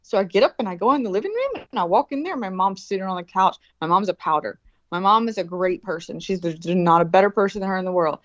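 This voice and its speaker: A woman, telling a story in a casual chat, animated and swearing freely, acting out quoted voices. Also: mid-range voice, quick pace, no room sound. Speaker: guest. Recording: dull lo-fi call audio.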